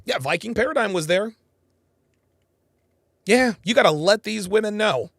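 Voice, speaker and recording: Animated high-voiced man with gravelly edge. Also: normal speed, no room sound, studio quality. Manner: animated, repetitive emphatic phrasing. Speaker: host. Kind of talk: live reaction commentary.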